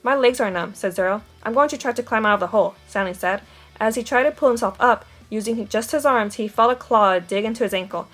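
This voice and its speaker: A woman reading a novel aloud, giving the dialogue light character voices. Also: medium pitch. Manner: steady storytelling with quoted dialogue. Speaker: audiobook reader.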